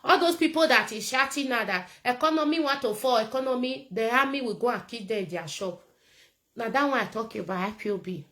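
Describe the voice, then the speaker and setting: A woman's voice: a little high, animated, brisk, fairly bright tone, poor audio. A woman with a Nigerian accent giving a casual political rant to camera, blunt and emphatic and repeating her points. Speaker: political commentator.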